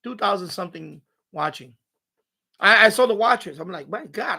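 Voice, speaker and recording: A high-pitched man with a gravelly, fry-laced edge talks in a loose, rambling live-stream chat. His tone is bright and sharp as he rants and swears. He sounds like he is in a home radio room. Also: normal speed. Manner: animated, profane ranting with mocking asides.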